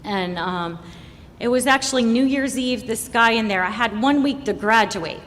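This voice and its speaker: A woman's voice: moderate pace, a bit bright. A woman sharing her recovery story at a meeting, telling it candidly and acting out the voices of the people in it. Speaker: recovery speaker. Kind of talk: personal recovery share at a meeting. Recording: hall reverb, faint rumble.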